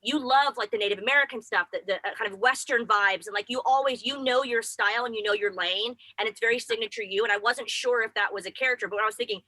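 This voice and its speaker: A woman's voice: fairly high pitch, quick pace, hardly any pauses, bright, forceful tone, no echo, rough recording. A woman co-hosting a casual chat show, talking in an effusive, gushing way. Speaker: co-host.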